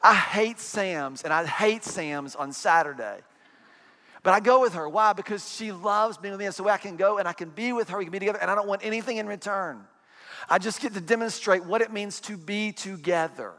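Male pastor, 40s, bright ringing voice, chatty storytelling sermon, long hall reverb. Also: high-pitched. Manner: chatty, self-deprecating storytelling. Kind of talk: conversational sermon. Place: church sanctuary.

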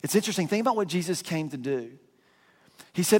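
Pastor, male, high voice, lively storyteller who acts out voices in a sermon, long reverb from a large hall. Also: quick pace. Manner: animated storyteller, acting out voices.

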